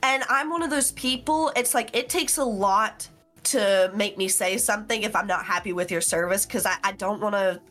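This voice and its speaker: A woman's voice: mid-range voice, moderate pace, a bit bright, faint music behind. Candid young woman from West Virginia. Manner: candid, self-critical, chatty. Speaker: guest, content creator. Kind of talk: casual chat.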